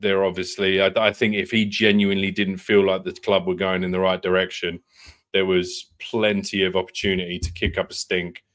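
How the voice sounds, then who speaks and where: A man co-hosting a casual football podcast, chatty and quick to laugh. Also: deep voice, flat delivery, a bit bright. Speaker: co-host.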